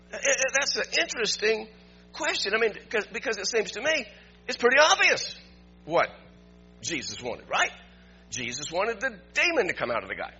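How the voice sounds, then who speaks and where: Animated, high-voiced man preaching a sermon. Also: dull audio. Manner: animated storytelling preacher, rising to emphatic peaks. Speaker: pastor.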